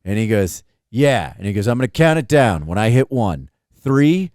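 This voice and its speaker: Young male podcast co-host, lively pitch, dry close sound, swears while spinning anecdotes. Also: moderate pace, no echo. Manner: animated storytelling, swearing, acts out quotes. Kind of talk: casual chat.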